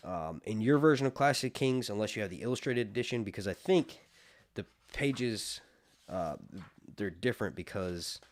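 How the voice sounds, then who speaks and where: A man hosting a casual fantasy book review, excitable and chatty, laughing easily between asides. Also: fairly low pitch, normal speed. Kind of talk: casual chat and book reading.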